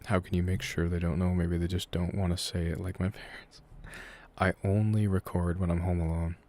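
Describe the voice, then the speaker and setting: Low, mellow young man chatting casually. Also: fairly quick. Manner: relaxed and rambling, answering chat with frequent hedges and fillers. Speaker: audio creator hosting a live Q&A. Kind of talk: casual live-stream chat. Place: room at home.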